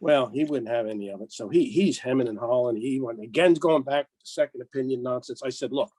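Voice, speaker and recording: An older American man, a golf rules official and podcast guest, telling lively anecdotes and acting out the dialogue with chuckles. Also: medium pitch, fast, no room sound, poor audio. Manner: animated storyteller, acts out dialogue, chuckles.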